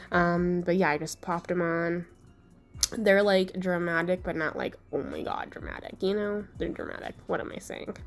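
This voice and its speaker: A young woman with a hoarse, sick-sounding voice, chatting her way through a makeup tutorial voice-over in a relaxed, self-deprecating way. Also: medium pitch. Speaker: beauty vlogger.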